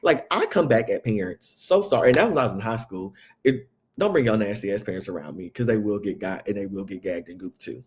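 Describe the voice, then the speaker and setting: A young man from Southeast Texas, chatting through a casual reality TV recap as host, jumping up high for quoted voices. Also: fast. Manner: chatty, animated, jumps to high acted quotes. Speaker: podcast host.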